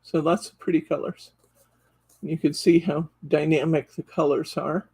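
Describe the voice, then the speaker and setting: A woman's voice: sits low, steady tone, normal speed, darkish tone, husky. A woman hosting a live craft store show-and-tell, enthusiastically describing card stock packs and counting sheets aloud as she flips through them. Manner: enthusiastic, gushing over products.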